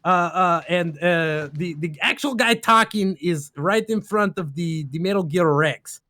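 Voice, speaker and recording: A man's voice: sits high, unhurried, sharp tone, dry recording. A man casually recapping a game plot on a stream, rambling in broken grammar with lots of fillers and laughs.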